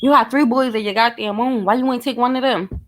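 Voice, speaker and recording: A woman's voice: on the high side, fairly even intonation, brisk, slight background noise. A woman giving blunt, profane commentary, speculating and talking straight to her viewers in a casual vlog. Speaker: true crime commentator.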